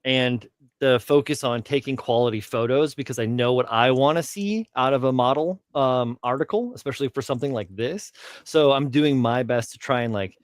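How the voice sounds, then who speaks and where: A man's voice: medium pitch, moderate pace, clean tone, no room sound, studio quality. A man as a guest on a casual livestream, talking candidly and hesitantly with lots of fillers. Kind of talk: casual chat.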